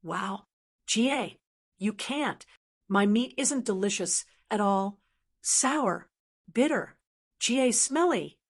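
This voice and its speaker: A woman's voice: medium pitch, expressive, slow pace, long pauses. A woman voicing a boastful, cowardly talking female blackbird in an audiobook, whiny and indignant, with squawking cries. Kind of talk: audiobook character voice.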